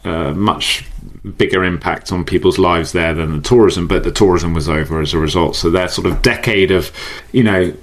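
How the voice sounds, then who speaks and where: A man speaking as a podcast guest, explaining ideas in an animated way, often repeating words and laughing easily. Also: sits low, moderate pace. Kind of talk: conversational podcast interview. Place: based in the UK.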